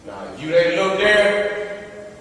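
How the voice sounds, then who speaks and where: A man giving a casual, emphatic slide talk to an audience. He keeps repeating short questions, and his voice swings between loud bursts and low asides. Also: very animated, slow, slight background noise. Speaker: presenter showing images to an audience. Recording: echoey hall from a distant mic.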